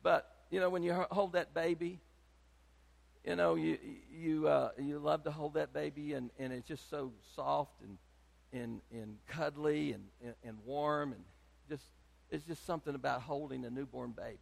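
An older man, preaching a sermon as pastor, emphatic and swinging between loud and soft. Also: on the high side, fairly even intonation, moderate pace, gravelly, long reverb tail.

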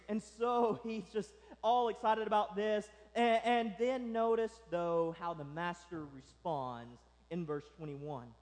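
Man, pastor, sermon, lively storytelling, high voice, long church reverb. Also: unhurried. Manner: lively storytelling, acting out characters.

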